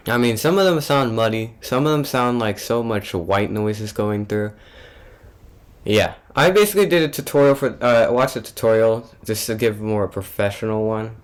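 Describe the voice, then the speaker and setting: A man's voice: fairly low pitch, moderate pace, clear, resonant tone. A young man, a music producer, casually talking through how he built a track, loose and offhand with frequent fillers and restarts. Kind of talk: casual tutorial narration.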